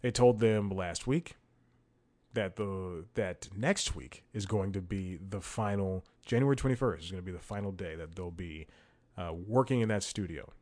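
A young man with a lowish voice hosts a solo podcast in an easygoing, rambling way. He restarts his sentences, corrects himself and chuckles along as he talks into a home mic. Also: moderate pace, a little mellow. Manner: chuckles while telling stories. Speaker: podcast host. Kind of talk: casual solo podcast chat.

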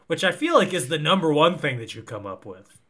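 Bright, animated young man recapping. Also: fairly high pitch, a little fast. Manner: rambling, trails off with ums. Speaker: podcast co-host. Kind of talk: casual chat recapping a film.

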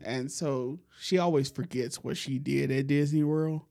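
A man hosting a podcast, telling a long, profane story in a relaxed way and laughing often. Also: medium pitch, a little slow, creaky. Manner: laid-back, profane, laughs often while telling stories. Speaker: podcast host. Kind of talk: casual storytelling chat.

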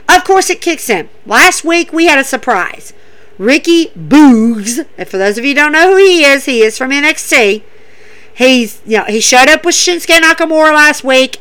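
Bright high-voiced woman recapping wrestling. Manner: enthusiastic, repetitive, many fillers. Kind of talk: casual show recap.

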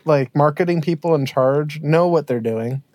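A man's voice: on the high side, moderate pace, a little mellow, no room sound. Emphatic man griping, dry sound. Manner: complaining, emphatic. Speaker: podcast co-host. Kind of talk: casual chat.

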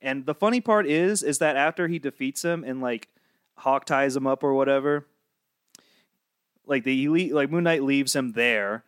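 A young man co-hosting a casual book club podcast, talking in a halting way with fillers as he gathers his thoughts. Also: medium pitch, clean tone, no echo, clean studio sound. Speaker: podcast co-host. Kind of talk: casual chat.

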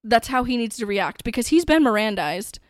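A woman's voice: on the high side, animated, fairly quick, dry recording, studio quality. A woman co-hosting a podcast, casually retelling a true-crime case with lots of fillers and some swearing. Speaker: podcast co-host.

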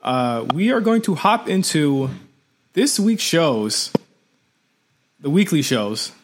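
A man's voice: fairly high pitch, sing-song, slow pace, background noise. A man co-hosting a podcast, chatting casually and emphatically, often repeating his phrases. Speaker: podcast co-host. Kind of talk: casual wrestling chat.

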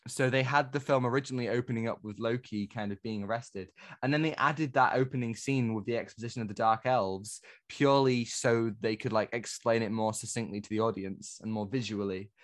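A man co-hosting a casual film podcast, talking in an animated, opinionated way and circling back to restart his points. His voice sits at an ordinary middle pitch. The recording is close and dry, with no room sound. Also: brisk, few pauses, dry recording. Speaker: podcast co-host. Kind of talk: casual film review chat.

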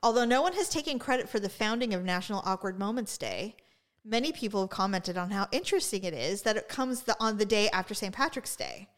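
A woman co-hosting a podcast, telling stories in casual chat, animated and profane, laughing often. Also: medium pitch, quick pace. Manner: profane, chatty. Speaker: podcast co-host.

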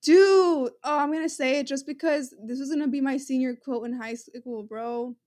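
A woman's voice: high-pitched, moderate pace, no echo, studio quality. A young woman co-hosting a podcast, chatting casually and laughing a lot as she recalls viral clips. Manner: giggly, animated, quotes viral clips in put-on voices. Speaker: podcast co-host, quiz contestant. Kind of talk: casual chat.

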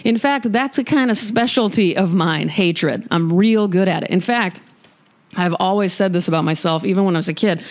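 A woman's voice: mid-range voice, moderate pace. A woman podcast host in her studio, chatting candidly and emphatically between poetry readings. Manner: candid, emphatic, self-deprecating. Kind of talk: casual chat and poetry reading.

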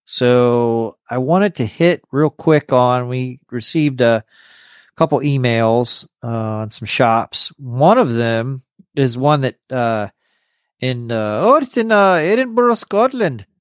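A man hosting a hobby podcast, talking in a loose, casual way that keeps stalling on stammered restarts. His voice is smooth and clean, and the recording is dry and close, with no room sound. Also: medium pitch, no room sound. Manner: halting, with many stammered restarts. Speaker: podcast host.

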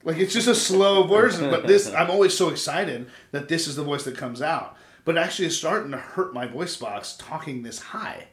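A man in his thirties telling stories in casual chat, animated and profane. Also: on the high side, moderate pace. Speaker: podcast host. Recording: echoey room.

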